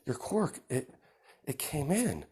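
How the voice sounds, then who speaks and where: A gentle teenage brother, hesitant and stammering, as a man puts him on. He pitches the voice far above his own, softly, for an amateur fan story. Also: wildly swooping pitch, slow pace, husky, full character voice. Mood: startled.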